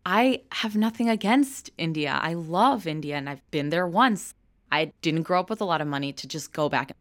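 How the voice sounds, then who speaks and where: A woman's voice: sits low, lively intonation, moderate pace, dry recording, studio quality. A young American woman from Chicago, an actress talking candidly in an interview and laughing often. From Chicago, United States. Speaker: actress, guest.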